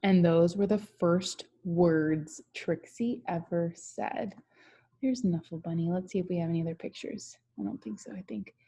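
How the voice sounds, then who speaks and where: A woman's voice: lowish voice, fairly even intonation, normal speed, mellow, breathy edge. A young woman teacher reads a picture book aloud to children, chatting and asking them questions along the way.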